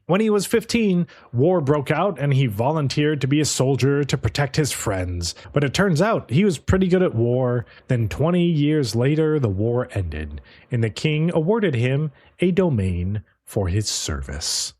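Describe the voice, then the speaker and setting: Male podcast co-host, lively swooping delivery, casual profane recap. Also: mid-range voice, measured pace, few pauses. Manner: animated, profane storyteller, playfully mimics characters.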